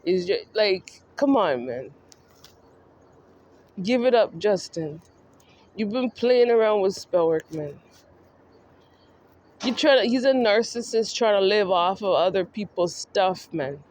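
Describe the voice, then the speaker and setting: Slow, scolding woman vlogger. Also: medium pitch, lively intonation, darkish tone. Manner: scolding, mocking, addresses the subject directly. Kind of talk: ranting commentary monologue.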